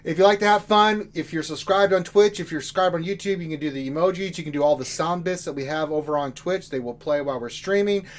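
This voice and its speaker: A man's voice: a little high, fast, few pauses. A man co-hosting a game livestream in casual chat, joking and talking straight to his viewers in a rowdy way. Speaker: livestream co-host.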